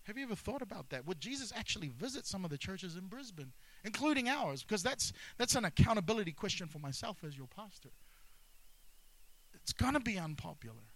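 Male pastor, emphatic sermon delivery, repeats key lines, fairly high voice. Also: very animated, brisk, a bit bright, rough recording. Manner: emphatic, repeats key phrases, mixes humor with intensity.

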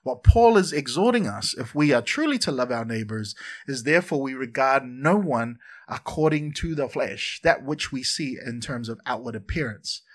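A man preaching a sermon in church, lively and conversational, often repeating words and adding asides. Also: mid-range voice, moderate pace. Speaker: pastor.

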